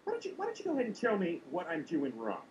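A man voicing a loud, dim-witted cartoon dad with a nasal, goofy voice in a rap parody. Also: sits high, huge pitch swings, rapid-fire, muffled recording, slight background noise, pitched below the performer's own voice. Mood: puzzled. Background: hip-hop beat.

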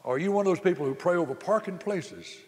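A man preaching a sermon, telling a story that rises to loud, emphatic exclamations. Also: sits high, lively intonation, fast talker. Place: camp meeting hall. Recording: long reverb of a hall.

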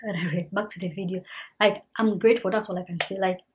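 A woman's voice: mid-range voice, steady tone, quick pace, darkish tone, a little hiss or hum. A young woman talks earnestly and casually to the camera, repeating herself for emphasis. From Ghana. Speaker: vlogger.

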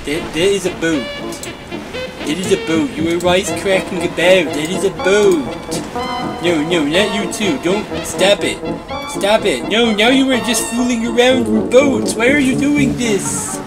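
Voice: mid-range voice, unhurried, loud music behind the voice, lightly acted. A performer voicing a bossy, childish overseer figure who calls itself a bee, ordering builders about in whiny, broken-grammar comedy machinima lines. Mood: frantic. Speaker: boss directing the builders.

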